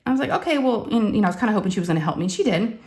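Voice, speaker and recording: A woman's voice: mid-range voice, very fast, a little hiss or hum. A woman, a crafting vlogger telling a story in casual chat and acting out the quotes with animation. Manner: animated, acts out quotes, says y'all.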